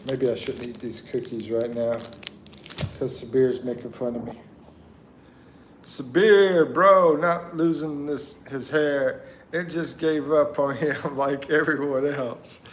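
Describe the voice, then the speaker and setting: A man hosting a casual livestream, chatting with viewers and thinking aloud in a rambling way. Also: medium pitch. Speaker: livestream host. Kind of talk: casual live chat reading viewer comments.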